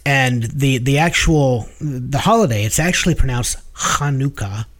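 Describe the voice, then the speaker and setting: A man's voice: mid-range voice, moderate pace. Man, podcast co-host, casual chat, explanatory, lots of fillers. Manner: explanatory, hesitant with many fillers.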